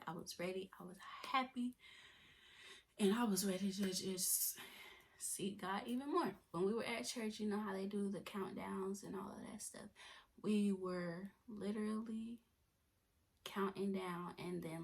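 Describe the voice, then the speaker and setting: Soft-spoken young woman, near whisper. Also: mid-range voice, gravelly. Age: 20s. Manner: chatty, repeats herself and restarts. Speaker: vlogger. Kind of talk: personal testimony vlog.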